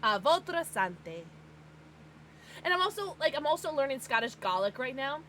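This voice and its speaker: A fairly high, bright American woman's voice that jumps all over the place as she chats with her viewers. She is excitable and bubbly, and she gasps and laughs often in casual livestream talk. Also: fast, slight background noise. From United States.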